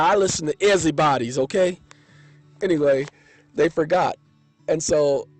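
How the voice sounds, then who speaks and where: Chatty high-voiced man talking from his car. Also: darkish tone, no echo. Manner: indignant, boastful, chatty. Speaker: vlogger. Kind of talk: rambling storytelling monologue. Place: in his car, parked in a driveway. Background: car radio song playing.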